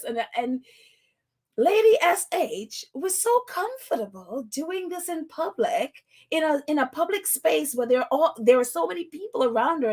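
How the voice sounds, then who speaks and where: A woman hosting a podcast, talking in casual commentary, animated and exasperated, with bursts of incredulous laughter. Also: high voice. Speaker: podcast host.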